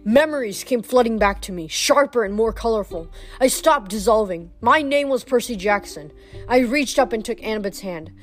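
A woman's voice: a little high, lively intonation, moderate pace, faint music behind. A woman reading a novel aloud in the first person, plainly and with small slips and restarts. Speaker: reader.

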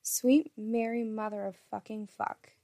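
A playful, eager woman lover, put on by a woman reading aloud in an erotic story. She sounds teasing and breathless. Her voice has a gravelly edge and is recorded close with no room sound. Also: on the high side, fairly even intonation, a little slow, mellow, dry recording.

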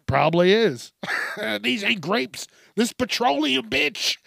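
A man's voice: fairly high pitch, no room sound, studio quality. A man hosting a casual solo podcast, rambling and swearing through jokey rants, slipping into mocking quoted voices and laughing at himself. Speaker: podcast host.

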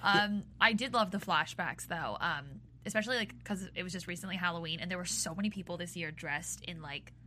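A woman's voice: lowish voice, brisk, hardly any pauses, sharp tone, slight background noise. A woman on a TV recap panel, chatting casually with lots of fillers and questions.

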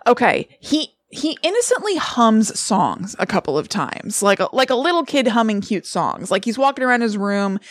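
A woman co-hosting a podcast, casually recapping a movie plot in an animated, storytelling way. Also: on the high side, moderate pace, few pauses, dry recording. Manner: animated storyteller, acts out lines with laughs. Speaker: podcast co-host.

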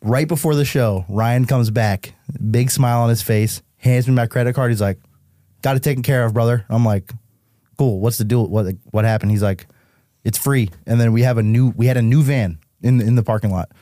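A young man from Massachusetts, a musician guest on a podcast, telling tour stories in a casual, animated way, swearing often and saying "like" a lot. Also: medium pitch, brisk, dry recording, studio quality.

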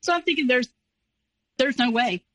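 A woman's voice: sits high, normal speed, dry recording, rough recording. Woman telling a story animatedly, dry sound. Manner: animated, acts out quoted voices. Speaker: interview guest. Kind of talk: casual personal storytelling.

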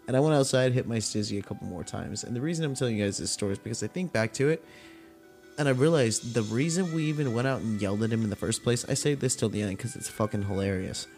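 Young man, mid-pitched, casual and foul-mouthed, tells stories with lots of energy. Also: fast, soft background music. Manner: profane, animated retelling with acted-out quotes. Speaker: podcast host. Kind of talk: casual storytelling rant.

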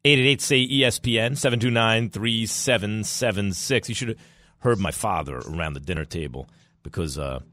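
A man from New York hosting a sports talk radio show, rambling in an animated way with quick asides. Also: fairly low pitch, no echo, studio quality.

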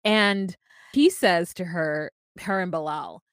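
A woman's voice: fairly low pitch, takes it slowly, fairly bright tone, clean tone, no room sound, studio quality. A woman co-hosting a podcast, chatting casually and wryly as she recaps a reality show. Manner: chatty, wry asides. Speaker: podcast co-host.

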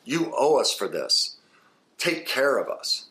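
A man's voice: mid-range voice, sing-song, slow pace, sharp tone, roomy sound, pitched above the performer's own voice, heavily acted. A man voicing an aging parent who guilt-trips a grown child into paying them back. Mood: demanding. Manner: demanding, guilt-tripping.

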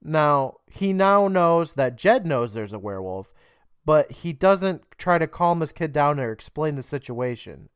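Here a fairly high-pitched man from the United States co-hosts a podcast, very animated yet unhurried, with a clean tone. He laughs a lot while chatting about a TV episode and performs the characters' lines. Clean studio audio, no echo.

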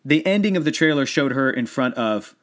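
A man in his thirties talking about movies in a casual chat, rambling and animated, often laughing. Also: mid-range voice, a little fast.

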